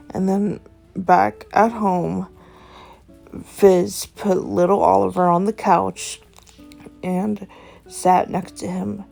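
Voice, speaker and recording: A woman's voice: lowish voice, creaky, dark tone. A woman telling an improvised story, chaining events together with "and then" in a rambling way.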